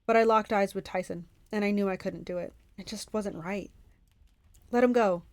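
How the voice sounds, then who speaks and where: Woman, book club reader, reading a novel aloud, steady narration, mid pitch, dry close sound. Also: fairly quick, no echo. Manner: steady first-person narration.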